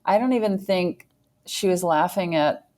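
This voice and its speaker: Deadpan lady, lowish voice, dry jokes, casual podcast talk. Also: normal speed. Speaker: podcast co-host. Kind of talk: casual chat.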